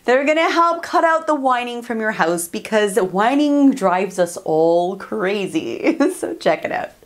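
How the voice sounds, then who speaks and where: A woman's voice: a little high, lively intonation, measured pace. A woman hosting a parenting channel, giving casual advice to camera in a chatty, upbeat way, often laughing and acting out what to say. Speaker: parenting coach and channel host.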